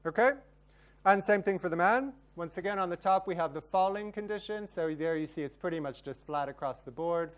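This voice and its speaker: Man giving an academic lecture, slightly high. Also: fairly quick, clear, resonant tone. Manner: explains research results step by step, occasional ums. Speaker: conference plenary speaker.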